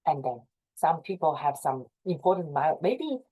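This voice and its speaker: Heard with phone-quality sound, a middle-aged woman from China speaks with a Chinese accent in a deep, slightly breathy voice with big pitch swings, at normal speed. On a video call she earnestly advises fellow association leaders in an informal talk, encouraging them and often repeating herself.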